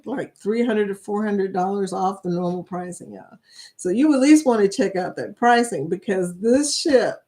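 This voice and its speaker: Giggly slow-talking woman host. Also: mid-range voice, a little mellow. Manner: giggly, keeps breaking into laughter; reads viewer comments aloud. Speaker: host of a creator chat stream. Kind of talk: casual livestream chat.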